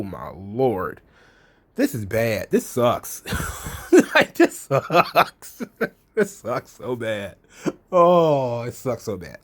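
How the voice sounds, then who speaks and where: Blunt, exasperated man ranting. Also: medium pitch. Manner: blunt and exasperated, swears freely, acts out quotes. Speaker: wrestling commentary host. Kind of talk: casual solo commentary.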